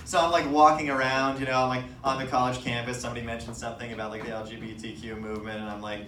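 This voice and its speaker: A young man doing stand-up comedy on a stage, telling self-mocking stories in an animated, laughing way. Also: medium pitch, fast, few pauses, a little hiss or hum. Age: young adult. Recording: echoey room from a distant mic.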